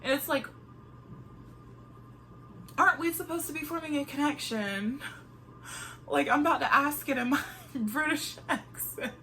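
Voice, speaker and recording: A woman chatting to camera in an animated way, reviewing a reality show and laughing often. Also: sits high, unhurried, long pauses, a little hiss or hum. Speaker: vlogger reviewing TV shows. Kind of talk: casual chat to camera.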